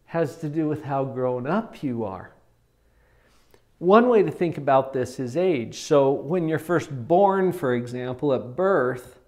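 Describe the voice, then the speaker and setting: A man giving a motivational talk to teenagers as a parenting coach, animated and full of rhetorical questions. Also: mid-range voice.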